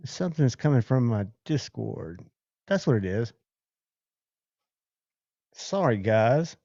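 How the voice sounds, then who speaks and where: A man's voice: mid-range voice, very animated, slow, gravelly, dark tone, no room sound, highs cut off. A man hosting a casual livestream, chatting loosely and thanking viewers by name. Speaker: livestream host.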